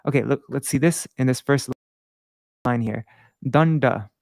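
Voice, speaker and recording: A man teaching Sanskrit verse meter in a casual live-streamed lesson, patient and halting, thinking aloud and chanting syllable patterns slowly. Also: mid-range voice, steady tone, creaky, a little mellow, no echo, clean studio sound.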